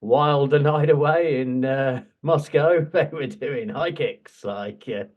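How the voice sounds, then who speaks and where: A man co-hosting a casual podcast, telling lively stories with laughs and swearing. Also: mid-range voice, slow pace, highs cut off. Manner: animated storyteller, swears, laughs often. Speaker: podcast co-host. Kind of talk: casual chat.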